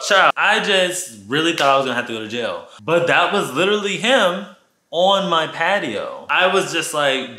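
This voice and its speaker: A man telling a story to his viewers in a casual vlog, animated and profane, talking straight to his audience at home. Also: fairly high pitch, moderate pace, reverberant. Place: his apartment.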